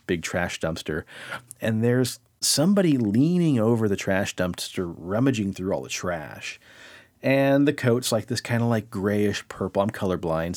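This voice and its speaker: Low-voiced man telling a rambling story. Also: normal speed, dry recording. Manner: rambling, animated, heavy use of "like". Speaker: podcast co-host. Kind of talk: casual storytelling chat.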